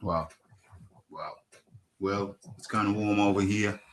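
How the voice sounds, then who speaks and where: A man's voice: on the low side, little pitch movement, slow pace, slight background noise. A man hosting a casual boxing podcast, ranting animatedly and repeating his phrases. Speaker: host.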